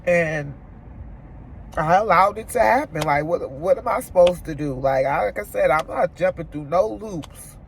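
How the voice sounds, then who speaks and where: A woman's voice: fairly low pitch, expressive, moderate pace, slight background noise. A woman vlogger crying as she vents about a friendship breakup, swearing as she talks to camera from her car. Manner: tearful, venting, swearing. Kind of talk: emotional car chat to camera. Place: inside a parked car.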